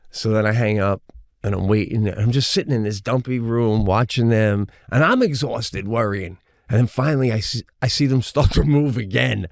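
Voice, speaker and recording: A man co-hosting a comedy podcast, telling a long story in a lively way, jumping into high-pitched voices when he quotes others and swearing casually. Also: dry recording, clean studio sound. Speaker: podcast co-host.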